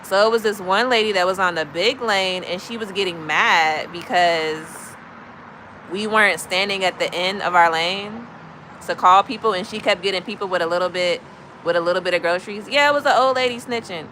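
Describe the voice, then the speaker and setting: A woman from Chicago chatting to her live stream, telling blunt, animated stories in a casual, gossipy way. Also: mid-range voice, brisk, a little hiss or hum, rough recording. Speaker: livestream host. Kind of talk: casual storytelling to live chat.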